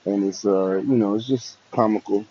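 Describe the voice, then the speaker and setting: Low voiced guy doing bible commentary, lots of um and you know, muffled sound. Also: steady tone, dark tone, slight background noise. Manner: halting, heavy with fillers. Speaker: host. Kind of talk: religious commentary. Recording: dull lo-fi audio.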